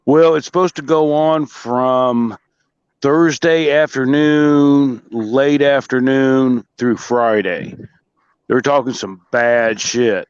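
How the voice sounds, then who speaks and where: A man's voice: medium pitch, steady tone, takes it slowly, smooth, no echo, muffled recording. A laid-back man calling in to a casual talk show, drawling as he chats. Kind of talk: casual chat.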